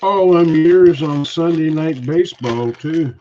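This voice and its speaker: Guy co-hosting a chat show, blunt and grumbly, keeps clearing his throat, muffled lo-fi sound. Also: a little high, unhurried, dark tone. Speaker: podcast co-host. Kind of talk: casual political chat. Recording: dull lo-fi sound.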